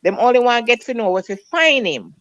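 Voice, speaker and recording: Earnest Jamaican voice, mid pitch. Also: sing-song, brisk, a bit bright, dry recording, highs cut off. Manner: earnest, cautioning. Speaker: panelist. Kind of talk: casual panel chat.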